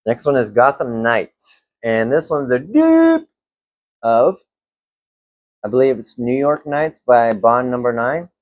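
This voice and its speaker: A young man reviewing fragrances in a casual vlog, relaxed and rambling with lots of fillers. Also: mid-range voice, takes it slowly, pauses often, no echo.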